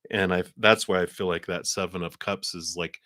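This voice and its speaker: A very deep-voiced man gives a live tarot reading, his tone bright and forceful. He rambles through long, winding explanations full of fillers. The sound is close and dry. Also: steady tone, brisk, no room sound. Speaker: tarot reader.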